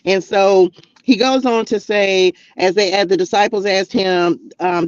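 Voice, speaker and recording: A man hosting a spiritual livestream, preaching casually and talking straight to his viewers in animated slang while reading tarot cards. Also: high-pitched, unhurried, dry recording, muffled recording. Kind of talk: casual preaching to a live chat. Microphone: streaming mic.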